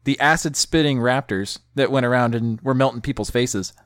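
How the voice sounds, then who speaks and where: A man's voice: mid-range voice, normal speed, a bit bright, smooth, no echo, clean studio sound. A man co-hosting a casual podcast, trading wry jokes about a bad movie and laughing often. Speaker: podcast co-host. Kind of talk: casual movie review chat.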